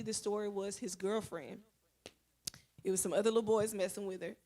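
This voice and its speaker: A woman speaks earnestly at a church Bible study and tells a personal story from her teaching work. She keeps it animated and conversational and slips into the voices of the people in her story. Her pitch sits in the middle. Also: a little fast. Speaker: schoolteacher sharing at a Bible study.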